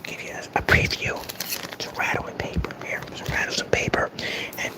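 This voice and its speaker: A man doing a whispered role-play as a mock ASMR host, slowly and breathily soothing angry trolls in a teasing way. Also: natural voice, rough recording. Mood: mocking calm.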